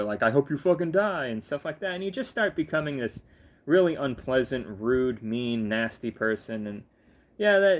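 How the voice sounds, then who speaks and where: A young man, sleepy, ranting casually with lots of fillers, restarts and swearing. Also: medium pitch. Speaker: gaming vlogger. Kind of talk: casual rambling rant.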